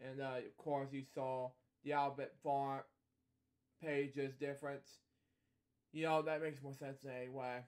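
A man's voice: medium pitch, level tone, a little slow, darkish tone. A man casually reading a picture book aloud as a storytelling host, stumbling over words and wandering into rambling asides at home.

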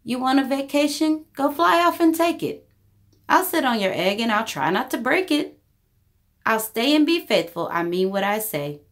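A big, kindly, faithful elephant, voiced by a woman reading aloud speaks in an earnest, patient way. The voice moves a lot in pitch, as in a storybook read-aloud. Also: very animated, normal speed.

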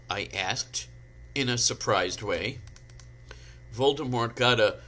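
A man giving a comic dramatic reading, slow and deadpan, dropping in dry asides, over a home video call mic. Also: mid-range voice. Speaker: guest reader.

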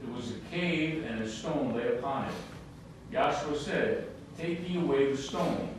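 A man in a class reading scripture aloud at a steady, plain pace. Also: on the high side, unhurried, noisy background. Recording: echoey room from far off.

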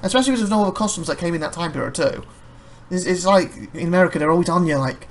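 A man rambling through casual gameplay commentary, chatty and quick to laugh. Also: on the high side, a little hiss or hum. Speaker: let's play host.

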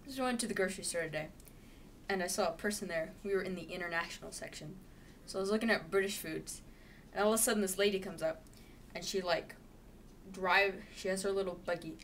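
A young woman vlogging casually to camera, chatty and playful, now and then breaking into loud sing-song bits. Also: on the low side, a little fast, slight background noise. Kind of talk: casual vlog chat.

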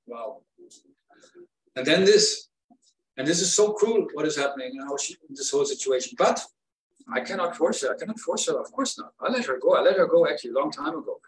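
Brief: man, somewhat high voice, hurt and rambling, roomy distant recording. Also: lively intonation, a little fast. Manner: pained, rambling, rising to upset outbursts. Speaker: vlogger. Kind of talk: emotional personal monologue.

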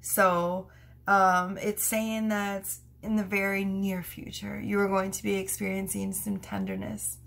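A woman's voice: medium pitch, level tone, unhurried, vocal fry, fairly bright tone. Giggly chatty woman reading tarot. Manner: giggly, chatty, laughs through her words. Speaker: tarot reader.

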